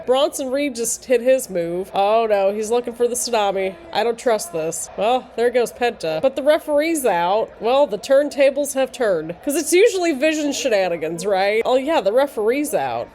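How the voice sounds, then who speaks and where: A woman giving live, chatty reaction commentary to a wrestling show, excitable and full of fillers and quick restarts. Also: a little high.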